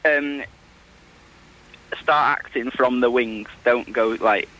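A man calling in to a radio show, hesitant and halting. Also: mid-range voice, pushed and bright, slight background noise, poor audio. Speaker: caller. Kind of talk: casual radio call.

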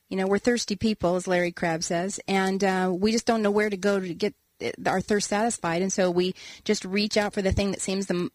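A woman's voice: mid-range voice, no room sound. Earnest woman telling a story. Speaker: author and guest. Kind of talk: conversational interview storytelling.

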